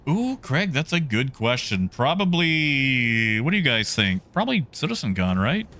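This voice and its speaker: A man's voice: mid-range voice, very animated, moderate pace, fairly bright tone. A man streaming a game, chatting casually and greeting viewers in the chat by name.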